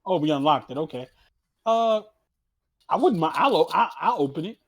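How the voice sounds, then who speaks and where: Player: lively male voice, peppers talk with "mate". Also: a little high, normal speed. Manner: says "mate" constantly, lively. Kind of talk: casual tabletop play.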